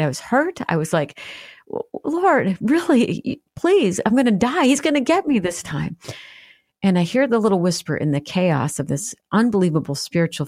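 A woman's voice: sits low, a little mellow, no room sound, studio quality. Earnest middle-aged woman telling her story. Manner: earnest, vivid storytelling that acts out remembered prayers. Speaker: guest author. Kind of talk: personal testimony in a radio interview.

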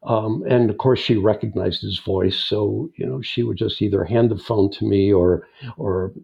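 Older male guest, gravelly, unhurried anecdote-teller, dull lo-fi recording. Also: lowish voice, steady tone. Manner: unhurried, chuckling raconteur. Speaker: guest filmmaker and editor. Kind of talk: anecdotal storytelling in an interview. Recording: dull lo-fi sound.

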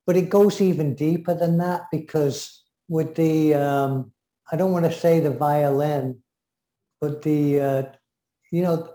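An English man co-hosting a casual chat, rambling and enthusiastic, often leaving sentences unfinished. His voice sits a little high but sounds mellow and dark. The room around him is noticeably echoey. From England. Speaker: co-host.

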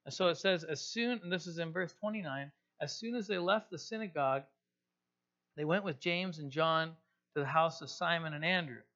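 A man's voice: on the high side, normal speed, pushed and bright, lo-fi sound. A man preaching a sermon in a casual, conversational way, explaining scripture in plain everyday terms. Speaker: pastor.

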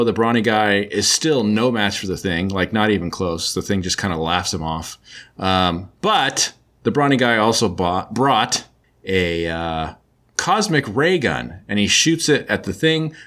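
A man's voice: on the low side, fairly bright tone. A man casually recapping a story in a loose, chatty way, full of filler words. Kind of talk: casual comic book recap.

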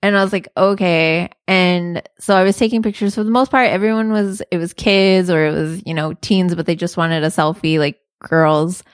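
A woman's voice: lowish voice, normal speed, few pauses, smooth, no room sound, studio quality. A young woman telling a funny story in a casual, chatty way, with lots of "like" and laughter.

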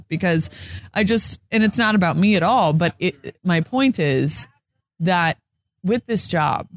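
A woman's voice: lowish voice, expressive, a little slow. A young woman, a sports TV reporter, telling stories in an earnest, chatty way, full of "like" fillers and acted-out quotes. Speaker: sports TV reporter, interview guest. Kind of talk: casual interview storytelling.

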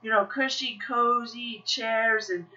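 Woman, podcast host, personal storytelling, animated, self-encouraging, laughs often, bright voice, slightly muffled recording. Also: a little high, takes it slowly.

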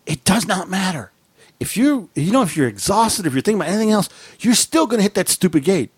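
A middle-aged man chats with a friend and tells a comic story, his voice lively and ranging far, a little higher than most men's. He laughs easily and leaps up in pitch whenever he mimics someone. The sound is dry and close. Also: dry recording. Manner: animated, laughing, acts out quotes in a raised voice. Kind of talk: casual storytelling chat.

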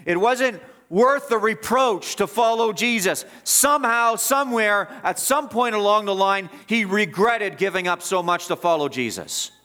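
A man's voice: sits high, measured pace, few pauses, pushed and bright. A man preaching an expository sermon as pastor, emphatic and repeating phrases for stress.

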